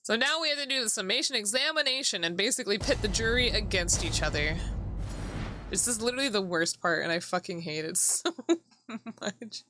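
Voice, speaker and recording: A woman's voice: mid-range voice, animated, fairly quick. Giggly woman streamer swearing freely. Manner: laughs often, swears freely. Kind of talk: casual gameplay commentary. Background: background music.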